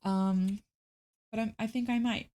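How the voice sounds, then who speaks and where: A woman's voice: on the high side, steady tone, measured pace, mellow. Exasperated young woman streamer ranting. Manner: ranting, exasperated, dramatic outbursts. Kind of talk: casual live-stream chat.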